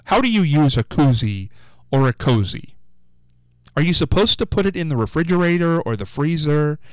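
Animated, smooth-voiced male radio host. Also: on the high side, no echo. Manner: playful, animated, chatty. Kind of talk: morning call-in radio show. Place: radio studio.

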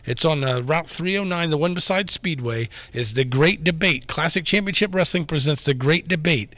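A man's voice: on the high side, moderate pace, fairly bright tone, no echo. A man co-hosting on a radio show, hesitant and filling gaps while promoting a wrestling event. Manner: hesitant, many fillers. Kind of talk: casual radio chat.

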